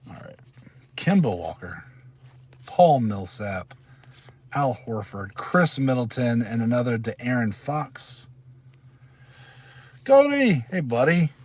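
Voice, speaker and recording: A man's voice: medium pitch, expressive, slow pace, long pauses, darkish tone, husky. A middle-aged man hosting a casual live stream from his parked car, chatting and rambling as he reads out names. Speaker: channel host.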